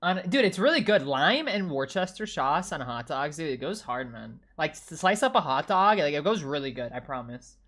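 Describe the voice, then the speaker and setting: A young woman chatting casually on a stream, telling stories in slangy, animated talk with plenty of swearing and filler words. Her voice sits a little low for a woman. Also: moderate pace, few pauses. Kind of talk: casual chat with viewers.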